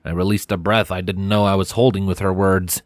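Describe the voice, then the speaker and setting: A man narrating a fanfiction audiobook in the first person, with a measured storytelling delivery. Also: low voice, little pitch movement, no echo.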